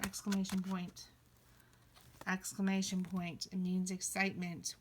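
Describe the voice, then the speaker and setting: A woman teaching a kindergarten reading lesson, playful, slipping into high excited cries and soft whispers. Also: moderate pace, a little hiss or hum.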